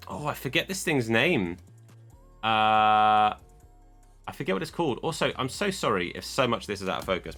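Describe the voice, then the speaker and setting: A man's voice: lowish voice, pushed and bright. A man casually chatting as he opens card packs, joking and scolding his camera for losing focus. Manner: chatty, self-deprecating, talks to his camera. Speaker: card opening host. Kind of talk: casual chat while opening card packs.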